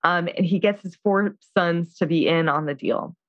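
A podcast co-host with a fairly low voice casually recaps a film at a moderate pace, chatty and heavy on fillers, acting out the characters' lines. The sound is dry and slightly dull, with no echo.

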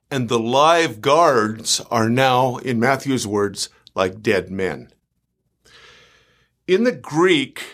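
A male pastor delivers a sermon in a slightly high voice. He takes his time, reading scripture slowly and deliberately and repeating key lines to drive them home. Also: a bit bright. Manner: slow, deliberate reading of scripture with emphatic repetition.

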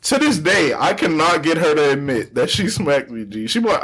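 A young man with a husky voice tells a story on a podcast in loose, slangy chat. His pitch jumps around a lot as he acts out what others said. He sounds casual and close to the mic. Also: moderate pace. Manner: animated storyteller, slangy, acts out quoted people. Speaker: podcast co-host.

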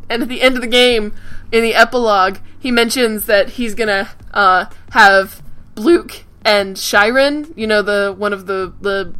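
Excitable bright-voiced young woman. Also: mid-range voice, a little slow, clear, resonant tone. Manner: excitable, swears freely, gushes and laughs. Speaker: podcast co-host. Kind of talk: casual chat.

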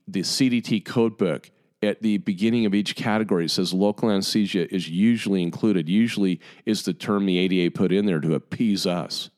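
A man in his fifties with a lowish voice, talking straight to fellow dentists. He sounds exasperated and emphatic, circling back on his words and hammering each point home in an impassioned monologue. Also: darkish tone. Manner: emphatic, exasperated, repeats himself. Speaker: dentist addressing colleagues.

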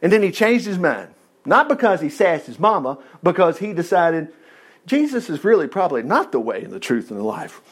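A male preacher with a fairly high, slightly rough voice talks a little fast. He gives an animated, conversational sermon to a congregation in a room, acting out the voices of those he quotes.

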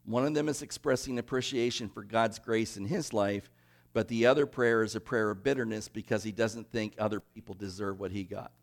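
A male pastor preaching a conversational sermon, animated and often checking in with the congregation. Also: on the low side, fairly quick, gravelly.

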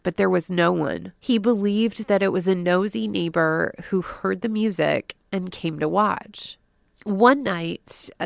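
A woman host narrating a true crime story from a script, adding personal asides and dropping to a hush at the dark moments. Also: lowish voice, gravelly, no echo, clean studio sound.

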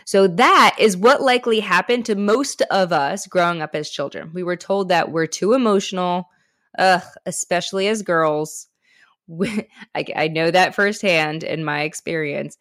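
Woman, lowish voice, frank and encouraging, self-help talk, dry close sound. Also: unhurried, a bit bright, dry recording. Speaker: podcast host and author.

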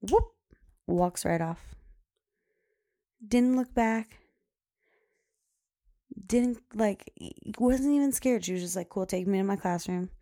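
A woman's voice: medium pitch, slow pace, long pauses, dark tone, no echo, studio quality. A young woman podcast host telling a story in a casual, chatty way, filling her speech with "like" and laughing often.

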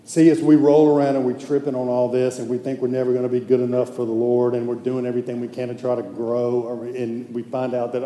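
A man preaching a sermon in a conversational, emphatic way that sometimes drops to a hushed intensity. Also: medium pitch, level tone, brisk. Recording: echoey hall with faint noise.

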